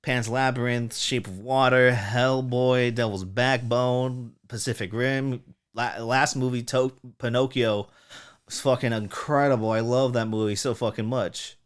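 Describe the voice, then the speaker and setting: A man's voice: medium pitch, fairly even intonation, unhurried, clear, resonant tone. A man co-hosting a podcast, chatting casually about films in a loose, rambling way and swearing freely. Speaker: podcast co-host. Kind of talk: casual film review chat.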